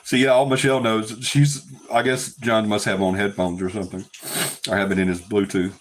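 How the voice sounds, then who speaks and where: A man's voice: lowish voice, flat delivery, brisk, a little hiss or hum. A man hosting a casual live stream, breaking into fits of laughter. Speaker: paranormal live-stream host.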